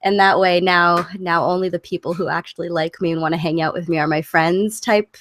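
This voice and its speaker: A Canadian woman born in southern England, a guest on a video call, speaking in a measured, hesitant way while losing her voice. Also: on the low side, steady tone, a bit bright, dry recording, studio quality. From southern England, raised in Canada. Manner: measured, hesitant with many ums. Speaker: guest content creator. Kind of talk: casual online chat.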